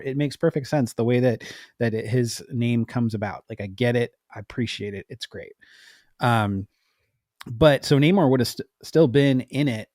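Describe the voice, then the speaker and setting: A man's voice: mid-range voice, a little mellow, no room sound, studio quality. A man appearing as a podcast guest, talking through a film review in a chatty, emphatic way with side notes. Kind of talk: casual film review chat.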